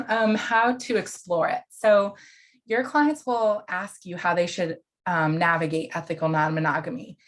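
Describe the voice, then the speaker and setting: A woman counselor educator giving an online lecture in a casual, conversational way, with fillers and asides. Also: lowish voice.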